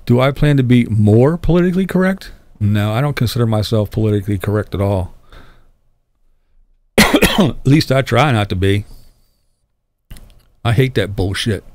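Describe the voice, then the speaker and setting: A man's voice: on the low side, lively intonation, moderate pace, long pauses, a little mellow, no echo. An older man hosting his own channel, chatting casually with viewers and answering their comments in a blunt, profane way, laughing often. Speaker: YouTube channel host.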